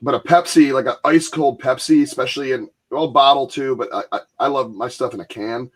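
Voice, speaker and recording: A man's voice: mid-range voice, a little fast, breathy edge. Laughing man in casual chat. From Michigan, US. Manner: rambling, laughing, acts out quoted voices. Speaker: podcast host.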